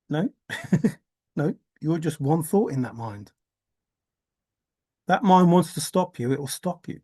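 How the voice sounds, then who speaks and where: A man's voice: a little high, expressive, a little slow, long pauses, warm tone, no room sound, clean studio sound. A man talking through a rambling vlog monologue, musing aloud, swearing casually and laughing to himself. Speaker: vlogger.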